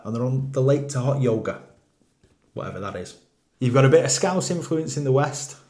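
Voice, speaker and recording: Male presenter, mid-range voice, wry and jokey scripted delivery with quiet deadpan asides. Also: medium pitch. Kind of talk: scripted explainer monologue.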